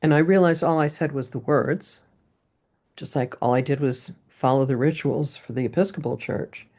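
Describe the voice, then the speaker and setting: A woman's voice: low-pitched, normal speed, mellow. A woman poet, a guest in a casual interview, telling stories in a chatty way. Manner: chatty storytelling.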